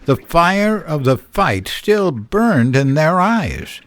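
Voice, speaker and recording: A man narrating a horror story in a slow, measured storytelling style. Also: on the high side, big pitch swings, no echo.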